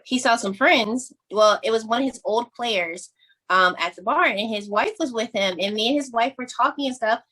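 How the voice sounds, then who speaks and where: Bright-voiced woman telling a wild story. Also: on the high side, normal speed. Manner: animated storyteller, frank and bawdy. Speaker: podcast guest. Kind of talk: casual chat, storytelling.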